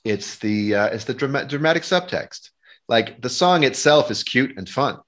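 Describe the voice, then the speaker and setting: A man's voice: mid-range voice, animated, moderate pace, a bit bright. A man hosting a podcast, explaining craft terms in a teacherly way with examples. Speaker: podcast host.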